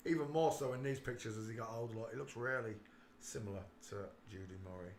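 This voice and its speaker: A man hosting a casual livestream, talking emphatically and swinging between quiet muttering and loud outbursts. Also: mid-range voice, quick pace, roomy sound, a little hiss or hum. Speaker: livestream host.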